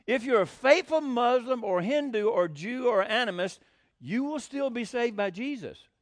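A man's voice: very high-pitched, expressive, moderate pace, dry recording, studio quality. A man preaching a sermon, folksy and blunt, with sarcastic asides.

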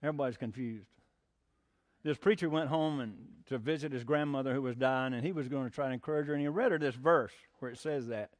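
Speaking briskly in a mid-range voice, an older pastor blends homespun humor and jokey asides into a folksy sermon that builds to emphatic preaching.

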